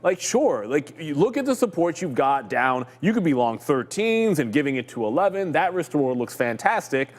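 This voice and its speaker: A man's voice: on the high side, sing-song, normal speed, few pauses. Joking man talking trades, reverberant room. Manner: loose and joking, lots of fillers. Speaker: co-host of a live trading show. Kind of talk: casual market chat.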